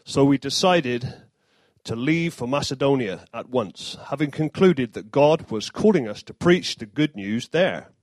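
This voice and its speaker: A man's voice: medium pitch, lively intonation, unhurried, darkish tone, dry recording. A man giving an informal sermon, mixing scripture with jokey asides and self-deprecating humor. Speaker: preacher.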